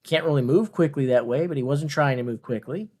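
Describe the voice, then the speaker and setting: A man's voice: on the high side, a little fast, darkish tone. A man hosting a casual watch-along of a strongman contest, talking in a playful, jokey way with rambling asides. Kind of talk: casual live commentary.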